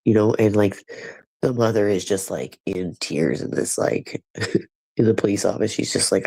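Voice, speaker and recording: Low gravelly dude w a stuffy nose, swearing and rambling on his stream. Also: moderate pace, darkish tone, rough recording. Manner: rambling, profane, sardonic. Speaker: livestreamer. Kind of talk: casual livestream chat with viewers.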